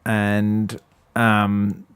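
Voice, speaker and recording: A man co-hosting a casual podcast, speaking in a lowish register. His talk meanders with plenty of fillers and quick laughs. The sound is dry and close, with no room around it. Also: completely flat delivery, fairly bright tone, clear, resonant tone, no room sound. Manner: rambling, laughs often, many fillers. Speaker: podcast co-host. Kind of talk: casual chat.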